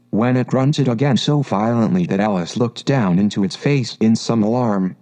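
A man reading a children's classic aloud as narrator, measured and gentle. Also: lowish voice. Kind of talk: storybook reading.

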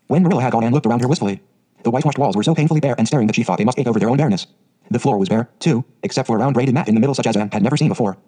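A man narrating a classic novel as an audiobook reader, in brisk, even storytelling. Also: mid-range voice, husky.

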